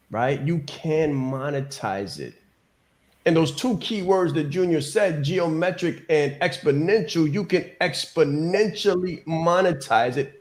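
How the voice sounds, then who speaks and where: A man giving an emphatic motivational business coaching talk on a call, repeating key phrases and often asking "right?". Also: on the high side.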